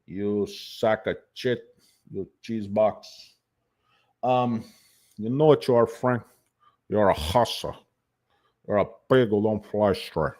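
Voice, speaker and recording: A menacing gangster with a put-on Cuban Spanish accent, as a man impersonates him, snarls insults. The voice sits a little back from the mic. It is a rough impression done on the fly in a home vlog. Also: lowish voice, slow pace, pauses often, a little mellow. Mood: insulting.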